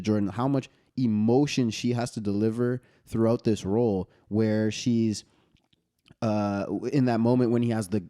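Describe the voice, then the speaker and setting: A man's voice: fairly low pitch, warm tone. A man co-hosting a casual film podcast, talking through his views thoughtfully with frequent restarts. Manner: thoughtful, restarts often while explaining. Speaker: podcast co-host. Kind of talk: casual chat about a film.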